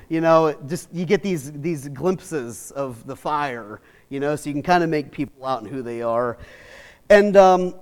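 A middle-aged man preaching in a high voice, telling stories in a lively, chatty way. He swings from easy, casual asides into animated retellings, keeping the sermon conversational. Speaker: pastor.

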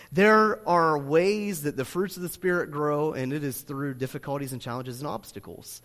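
Guy preaching a sermon, kinda high voice, chatty with lots of you-knows, gets loud and punchy, big echoey church hall. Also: moderate pace, few pauses. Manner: conversational preaching full of "you know" fillers, rising to loud emphatic bursts. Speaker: pastor. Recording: long hall reverb.

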